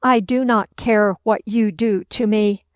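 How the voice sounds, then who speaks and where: A woman giving voice to a hot-headed young French nobleman in a storybook reading, spitting out indignant accusations. The delivery is slow and the pitch stays flat on a slightly high voice. The sound is dry and close. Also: dry recording, lightly acted. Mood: enraged.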